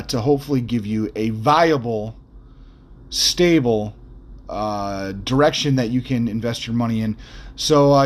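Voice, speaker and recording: A man hosting an unscripted podcast who rambles bluntly, with lots of fillers and restarts, and throws in mild profanity and jokes. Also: medium pitch. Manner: mildly profane, jokey asides. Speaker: podcast host.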